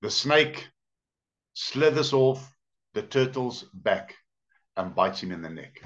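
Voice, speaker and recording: Pastor, sermon, expressive pitch swings, dull lo-fi church recording. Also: male voice. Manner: storytelling, emphatic with drawn-out words. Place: church service.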